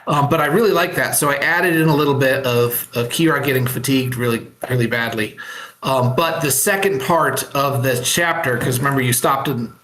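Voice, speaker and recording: A man recaps a story in a casual online chat, halting often with fillers. His voice sits at a middle pitch. The call audio sounds roomy. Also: a bit bright, a little hiss or hum. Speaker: writer sharing his work. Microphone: computer mic on a voice call.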